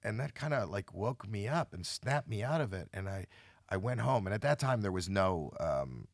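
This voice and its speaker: Deep-voiced man telling a painful story. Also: expressive, normal speed, dry recording, studio quality. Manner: emotional, dramatic retelling with quoted voices. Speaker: podcast guest. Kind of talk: candid storytelling.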